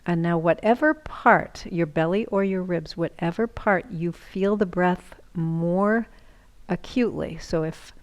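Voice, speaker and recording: A woman yoga instructor giving calm, slow breathing cues, sometimes dropping into a whisper. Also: fairly low pitch.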